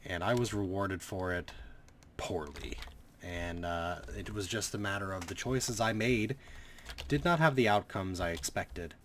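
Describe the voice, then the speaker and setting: Deep-voiced sarcastic male gaming commentator. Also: a little hiss or hum. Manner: rambling, sarcastic, swears freely. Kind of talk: casual gameplay commentary.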